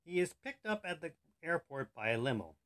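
A man hosting a podcast, telling jokes in an animated storytelling manner. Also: on the high side, brisk. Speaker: podcast host. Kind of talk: joke telling.

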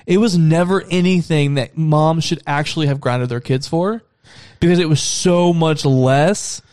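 A man's voice: on the high side, measured pace, a little mellow, smooth, dry recording, clean studio sound. A young man telling stories in casual chat, swearing and acting out quotes. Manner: swearing, storytelling with acted-out quotes.

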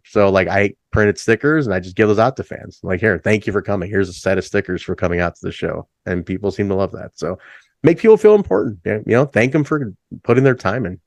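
A middle-aged band musician, an interview guest, tells stories in a casual chat. He's laid-back, swears freely, says "like" a lot, and his voice jumps higher when he acts out a story. There is no room sound.

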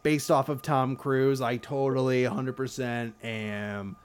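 A man co-hosting a casual podcast chat, rambling and animated, often slipping into silly impressions. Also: mid-range voice, unhurried, clear, resonant tone. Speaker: podcast co-host.

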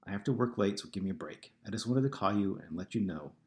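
Brief: defensive, clipped husband, low voice, done by the narrator; audiobook. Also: male voice, animated, a little mellow. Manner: curt, defensive, hurried. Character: defensive, irritated husband, man. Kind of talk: audiobook character voice.

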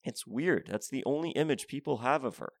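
A man's voice: mid-range voice, animated, a little fast, vocal fry, no room sound, studio quality. A man ranting in a profane comedy monologue, rambling and often restarting his sentences.

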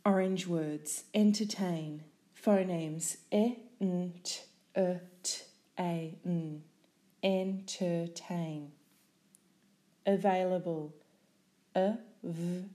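Slow, mellow woman teaching spelling. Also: on the low side, steady tone. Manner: slow, careful, spells words out sound by sound.

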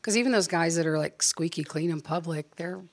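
Appalachian woman comic, husky and a bit low, relaxed podcast chat, dry close mic. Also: fairly quick, dry recording. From Southern Ohio. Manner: laid-back, laughing, slight twang. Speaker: comedian guest.

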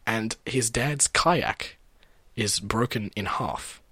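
A man's voice: lowish voice, slow, pushed and bright, slightly rough, dry recording. A man casually telling a party story, acting out the lines of others with lots of laughing. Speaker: storyteller guest. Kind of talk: casual chat.

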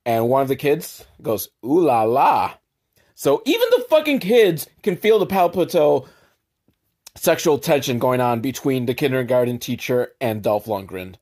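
A man hosting a comedy podcast, sarcastically recapping a film with profanity and quick mock voices for the characters. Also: mid-range voice, very animated, a little mellow.

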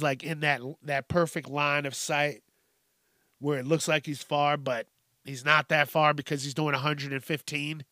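A man's voice: on the high side, fairly bright tone, no echo, studio quality. A man hosting a podcast, ranting casually with heavy profanity and exasperation. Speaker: podcast host. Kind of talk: casual solo rant.

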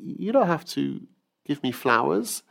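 A man playing a gentle, patient mother. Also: a little high, very animated, measured pace, vocal fry, voice pushed up, heavily acted. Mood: soothing. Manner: soft, kind and coaxing.

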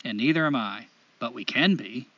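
A man's voice: medium pitch, animated, moderate pace, fairly bright tone, no echo, recorded from a distance, muffled recording. A man co-hosting a podcast, talking casually and launching into blunt, profane rants. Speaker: podcast co-host. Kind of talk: casual podcast chat and ranting monologue.

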